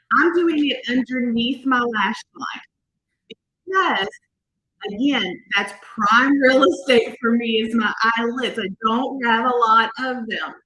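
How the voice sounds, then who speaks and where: A woman's voice: a little high, bright, forceful tone, slightly rough, muffled recording. A woman demonstrating makeup in a casual tutorial, chatty and talking viewers through each step, sometimes quizzing them. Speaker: makeup artist demonstrating products.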